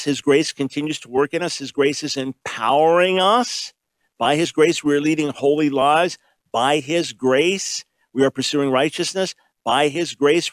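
A man preaching a sermon, emphatic and repetitive, asking rhetorical questions and shifting between quick and slow delivery. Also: on the high side, dry recording. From grew up in a Jewish home. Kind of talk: sermon teaching.

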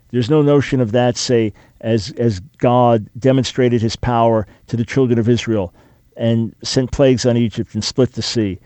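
A man's voice: medium pitch, warm tone, dry recording. A man hosting a live talk radio show, speaking with an earnest, emphatic, preacher-like cadence. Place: radio studio. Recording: dry studio mic.

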